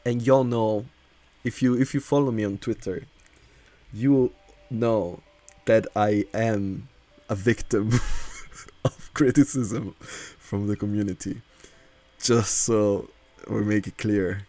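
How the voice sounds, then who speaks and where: A man's voice: on the low side, measured pace, creaky, long pauses, dark tone, soft background music. A man who is not a native English speaker chats casually as a streamer while building in a game, laughing often and reading chat aloud.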